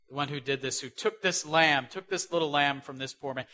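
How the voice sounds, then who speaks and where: A man preaching a sermon who asks rhetorical questions and swings between loud stresses and soft asides. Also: a little high, a little fast, few pauses.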